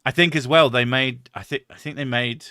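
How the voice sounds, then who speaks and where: A man's voice: medium pitch, fairly even intonation, normal speed, bright, forceful tone, dry recording, studio quality. A man hosting a stream, rambling and swearing, laughing often in casual chat. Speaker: streamer host.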